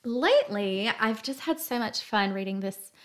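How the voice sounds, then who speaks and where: A woman with a fairly high voice gives a heartfelt faith talk as host. She is earnest and emotional, reflecting aloud in a soft, gentle way, like she's telling a story to kids. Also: lively intonation, normal speed. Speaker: podcast host.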